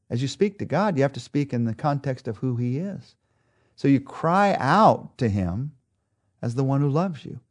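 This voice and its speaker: Man, Bible teacher, mid-pitched, earnest and emphatic, soft and low when praying. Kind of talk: devotional Bible teaching ending in prayer.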